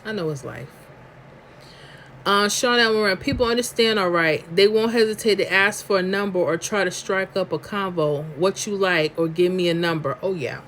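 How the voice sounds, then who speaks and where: A woman's voice: mid-range voice, moderate pace, a bit bright, a little hiss or hum. A woman from New York with a New York accent, hosting a live stream in chatty, emphatic slang while reading viewer comments aloud.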